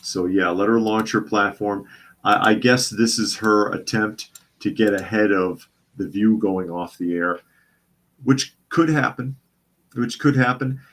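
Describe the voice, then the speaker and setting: A man's voice: on the low side, measured pace, fairly bright tone. A man hosting a casual news commentary show, sarcastic and often repeating his phrases for emphasis. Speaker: host.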